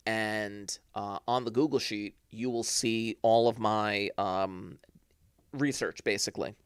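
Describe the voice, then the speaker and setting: A man's voice: lowish voice, steady tone, takes it slowly, smooth, dry recording. Chatty man hosting live election coverage. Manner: chatty, self-mocking, restarts often while checking numbers. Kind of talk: casual live-stream commentary.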